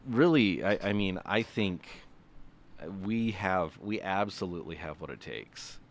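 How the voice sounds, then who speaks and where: A man's voice: low voice, lively intonation, unhurried, vocal fry. A man co-hosting a podcast in casual chat, bantering wryly and laughing often. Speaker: podcast co-host.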